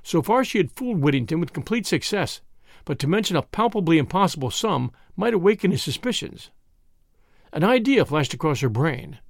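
A man narrating an audiobook in a measured, expressive reading. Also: fairly high pitch, creaky, no echo, clean studio sound. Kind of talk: scripted narration.

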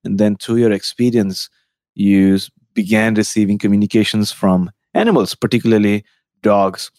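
A man's voice: lowish voice, steady tone, moderate pace, darkish tone, no room sound, studio quality. A man hosting an interview, reading out a guest introduction and asking questions in an easy, upbeat way. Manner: reads guest introduction, then asks questions. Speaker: podcast host.

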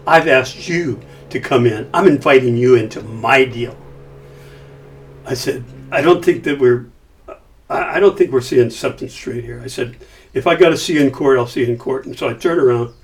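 Middle-aged man, storytelling interview, animated acted-out quotes, sits back from the mic. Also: medium pitch, normal speed, slight background noise. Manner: animated, acts out quoted dialogue. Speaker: company founder telling a story. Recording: voice somewhat far from mic.

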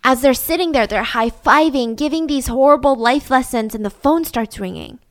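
Higher-pitched woman telling a wry story. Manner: animated, quick, wry asides. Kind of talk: casual comedic storytelling.

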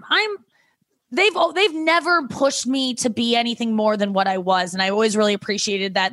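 A woman's voice: a little high, a bit bright, no echo, clean studio sound. A woman comedian talking as a podcast guest, rambling and self-critical with lots of restarts. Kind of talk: casual podcast chat.

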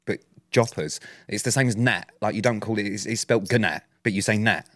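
A man's voice: on the low side, normal speed, a bit bright, dry recording. A man co-hosting a podcast in casual chat, dry and matter-of-fact. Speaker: podcast co-host.

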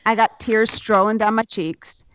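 A young woman telling a personal story in casual chat, candid and lively, swearing freely. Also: on the high side, unhurried, no room sound. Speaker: guest telling her birth story. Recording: dull, dry sound.

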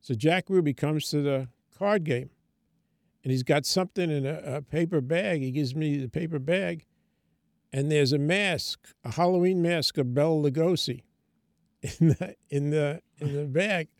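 A man's voice: fairly high pitch, measured pace, no room sound, clean studio sound. An older man, a comedian, telling a story in casual talk and acting out the quoted voices. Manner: animated anecdote telling, acts out quoted voices. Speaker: comedian guest.

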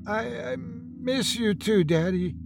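A frightened little boy stammers and sobs in a high, cracking voice, as a male narrator puts him on. He pleads through tears in a spoken horror story, with music playing underneath. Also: moderate pace, lightly acted. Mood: tearful, pleading. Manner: stammering, tearful, high and breaking. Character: terrified young boy, sobbing, pleading. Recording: with background music.

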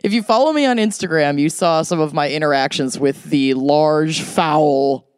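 A woman's voice: low-pitched, moderate pace, clean tone, dry recording, clean studio sound. A young woman, co-hosting a podcast in chatty, dramatic casual conversation and laughing easily. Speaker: podcast co-host. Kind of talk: casual chat.

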